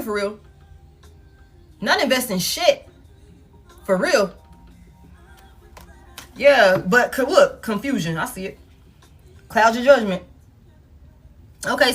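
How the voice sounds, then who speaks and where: Her voice is high and a bit bright as she reads tarot from home, soft music playing behind her. She talks casually and bluntly, swearing a lot and repeating phrases to drive points home.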